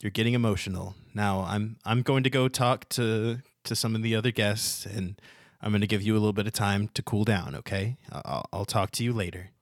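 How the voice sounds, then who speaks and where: A man's voice: lowish voice, no room sound, studio quality, lightly acted. A man voicing a prim, status-minded gnome mother at a fancy party, talking down to people and restarting his sentences often. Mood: condescending. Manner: condescending, halting with many restarts.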